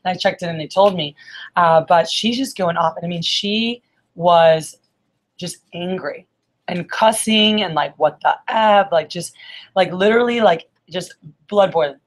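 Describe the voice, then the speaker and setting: A woman's voice: lowish voice, measured pace. A woman telling a story to a group in a casual, chatty way. She fills her speech with "like" and keeps checking in with "right?". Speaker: speaker at a group meeting.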